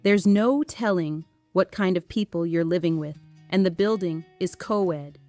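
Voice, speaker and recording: A woman's voice: on the low side, unhurried, dark tone, no room sound, close to an everyday voice. An overprotective, worried mother, voiced by a woman narrating her novel, nagging her grown daughter. Faint guitar music plays under the audiobook reading. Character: fussy, overprotective middle-aged mother.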